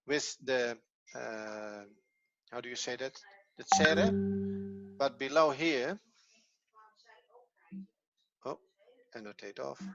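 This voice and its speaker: A man teaching a Hebrew class online, patient and encouraging, often pausing and restarting. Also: medium pitch, a bit bright. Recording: dull, lo-fi, dry.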